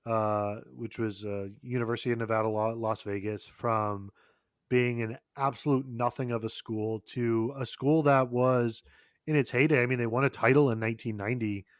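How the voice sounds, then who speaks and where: A man co-hosting a casual podcast, talking at a middle pitch in long, looping sentences full of "like" and "uh". He swears freely and keeps circling back to restate his point. The sound is dry and close, with no room around it. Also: steady tone, normal speed, no room sound. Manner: rambling, profane, lots of fillers and restarts. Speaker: podcast co-host.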